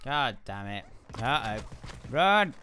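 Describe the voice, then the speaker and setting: A young man giving excitable let's-play commentary, laughing often and yelling at his teammates. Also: a little high, unhurried, a little hiss or hum. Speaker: gaming video host.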